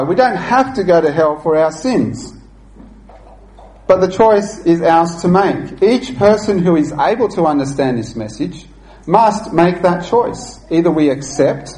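A man delivering a sermon in an earnest, deliberate teaching manner, his voice sitting a little higher than most men's. He pauses and restarts now and then as he explains. The room around him is echoey. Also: a little mellow. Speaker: preacher.

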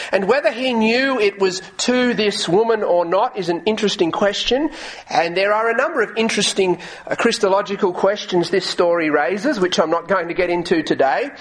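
A man's voice: high voice, moderate pace, rough recording. A male pastor preaching a sermon earnestly, often repeating words as he goes and reading scripture aloud. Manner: reads scripture aloud in old English wording.

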